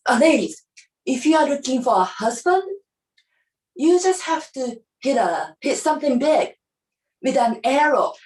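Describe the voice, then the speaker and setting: Slow, high-voiced woman comic in an echoey room. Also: a little mellow, distant mic. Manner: playful, teacherly, acts out characters with her body. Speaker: stand-up comic. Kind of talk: stand-up comedy.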